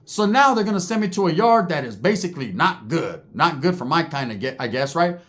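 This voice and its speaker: A man's voice: a little high, big pitch swings, a bit bright. A man telling prison stories in casual, profane slang, dropping in Spanish words and acting out other people's lines. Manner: acts out other people's lines in quick voices. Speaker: storyteller recounting prison life. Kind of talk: casual storytelling.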